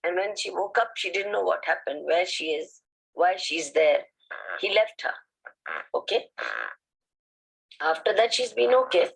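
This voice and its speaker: A woman's voice: lowish voice, measured pace, creaky, pauses often, husky, rough recording. A woman religious teacher giving a lecture, retelling anecdotes conversationally and often checking in with "okay?".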